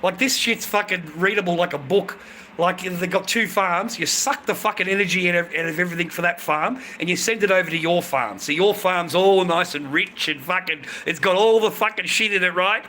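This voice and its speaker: An Australian man in a profane, rambling casual chat to viewers, breaking into loud bursts. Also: high voice, a little fast, slight background noise.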